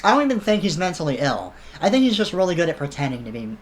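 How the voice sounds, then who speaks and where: A commentator tears into the subject in a heated, profane reaction rant. The delivery is sarcastic, with a pitch that swings widely around a middle register. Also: very animated, fast talker, a little hiss or hum. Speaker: online commentator.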